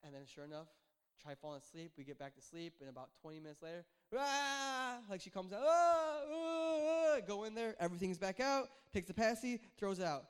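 Young pastor guy, kinda high voice, jokey and chatty sermon. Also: fast talker, clear, resonant tone. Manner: conversational, joking, animated storytelling.

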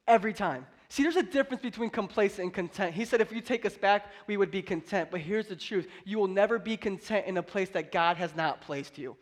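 A man's voice: sits high, fast talker, hardly any pauses. A young man preaching a sermon as a pastor, speaking with fervent, emphatic energy and acting out scripture quotes.

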